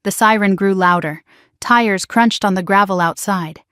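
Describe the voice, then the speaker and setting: Hushed woman narrating a drama story. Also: mid-range voice, a little slow, no echo, clean studio sound.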